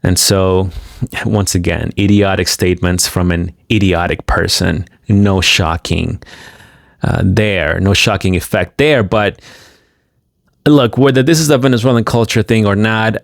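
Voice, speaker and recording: Brief: scornful male video commentator, unhurried delivery, gravelly edge. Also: deep voice, steady tone, no echo, clean studio sound. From United States. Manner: scornful, mocking.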